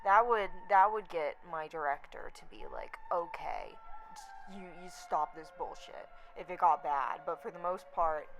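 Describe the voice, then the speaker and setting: A young woman vlogging, telling a story in a blunt, profane, animated rant. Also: fairly low pitch, measured pace, low-quality recording. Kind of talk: casual rant to camera.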